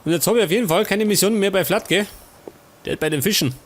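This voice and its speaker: A man's voice: high-pitched, fast talker. A man with a Bavarian accent giving casual let's play commentary, muttering to himself as he plays. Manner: muttering to himself while playing. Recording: commentary over noisy game audio.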